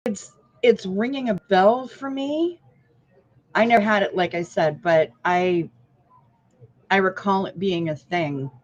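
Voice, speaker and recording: Slow, dry-humored woman in a diner. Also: medium pitch. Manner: slow, dry and joking, chewing food while talking. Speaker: livestream co-host. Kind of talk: casual chat. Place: booth in a diner. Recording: dull lo-fi livestream audio.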